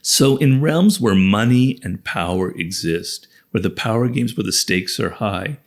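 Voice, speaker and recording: An American guest author talks through his ideas in a conversational interview, his voice fairly low, expressive, and unhurried. He builds his points by repeating phrases.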